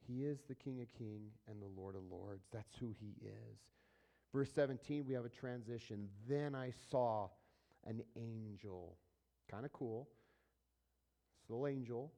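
A male pastor teaching a verse-by-verse sermon, casually asking his listeners questions and moving between quiet asides and louder emphatic passages. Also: mid-range voice, unhurried, vocal fry. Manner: conversational preaching, asks the audience questions, swings between soft and loud.

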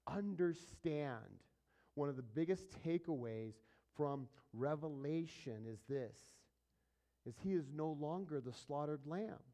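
A male pastor teaching a verse-by-verse sermon, casually asking his listeners questions and moving between quiet asides and louder emphatic passages. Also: fairly high pitch, animated, measured pace. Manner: conversational preaching, asks the audience questions, swings between soft and loud.

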